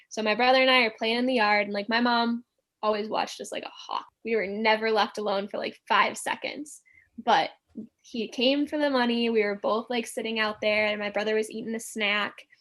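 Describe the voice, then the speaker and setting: Woman guest rambling through a story, kinda high voice, lots of fillers. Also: a little fast. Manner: animated storyteller, constant "like" fillers. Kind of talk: casual storytelling interview.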